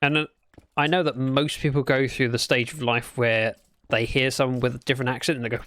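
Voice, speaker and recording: A man's voice: medium pitch, quick pace, fairly bright tone. A British man livestreaming a game, chatting casually in a rambling, playful way and correcting himself as he goes. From Britain. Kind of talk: casual gameplay chat.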